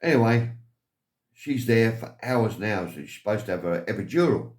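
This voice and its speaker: A man's voice: lowish voice, lively intonation, normal speed, a little mellow. An older Englishman telling rambling, chuckling family stories in a vlog, acting out the voices of the people he quotes. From England. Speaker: vlogger. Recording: roomy with faint music behind.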